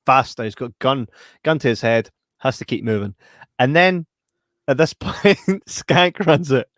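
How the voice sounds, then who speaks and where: Giggly man with a lively voice. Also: mid-range voice, a little slow, dry recording, clean studio sound. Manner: laughs a lot, acts out film scenes with loud yelps. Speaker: podcast co-host. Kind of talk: casual podcast chat.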